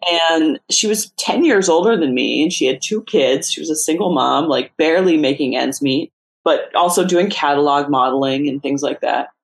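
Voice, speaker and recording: A middle-aged woman, a memoir author, telling personal stories in a casual interview, animated and often laughing. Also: sits low, normal speed, creaky.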